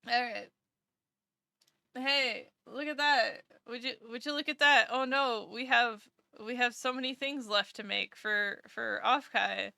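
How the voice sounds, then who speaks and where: A woman's voice: fairly high pitch, measured pace, gravelly, sharp tone, no room sound. A woman VTuber chatting casually with her live-stream chat, sleepy and rambling as she greets viewers.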